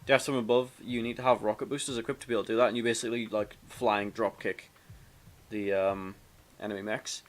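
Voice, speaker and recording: Low-voiced man rambling over a game. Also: fairly even intonation, brisk. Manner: rambling and self-mocking, with fillers and restarts. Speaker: let's play commentator. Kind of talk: casual gameplay commentary, reading game text aloud.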